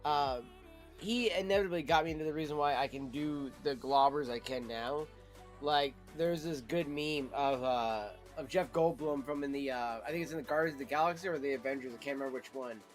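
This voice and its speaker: A man telling a rambling, profane story to his live chat as a streamer, in a casual, animated way. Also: mid-range voice, a little fast, faint music behind.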